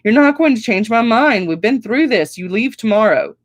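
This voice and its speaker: A woman's voice: on the high side, lively intonation, moderate pace, no echo, voice pushed up. A woman reading a firm, weary mother. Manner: firm, final.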